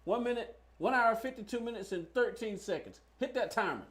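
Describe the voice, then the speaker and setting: High-voiced man rambling through a game stream. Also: lively intonation, fairly quick, fairly bright tone. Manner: rambling, talks to viewers, thinks aloud. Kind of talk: casual live-stream chat while playing.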